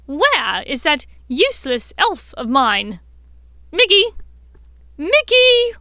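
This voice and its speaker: A woman voicing a gloating, unhinged witch aunt with a shrill, sing-song, taunting manner, reading a fan-fiction audiobook. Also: sing-song, moderate pace, fairly bright tone, no room sound, studio quality, full character voice. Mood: shrill mocking.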